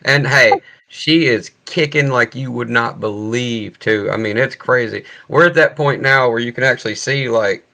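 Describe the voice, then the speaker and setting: Man, gravelly, bright, laid-back livestream host. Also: mid-range voice, moderate pace. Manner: laid-back, swears freely, animated storytelling. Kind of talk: casual livestream chat. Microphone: video call setup.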